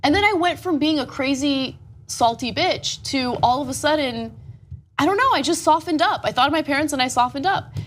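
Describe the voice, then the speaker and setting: A woman co-hosting a talk show, telling a story in casual, animated chat and swearing freely. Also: sits high, brisk, a little hiss or hum. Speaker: show co-host.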